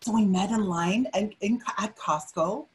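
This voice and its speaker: A woman's voice: medium pitch, unhurried, rough recording. Emphatic middle-aged woman giving a webinar. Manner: energetic, emphatic, repeats key phrases. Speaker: webinar speaker. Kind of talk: motivational webinar talk.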